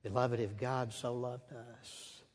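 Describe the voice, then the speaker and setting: A man preaching slowly and dramatically, with a husky voice that sinks to hushed whispers. His words ring out with the long reverb of a large hall. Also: mid-range voice, level tone. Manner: slow, dramatic storytelling with hushed, whispered moments. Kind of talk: sermon.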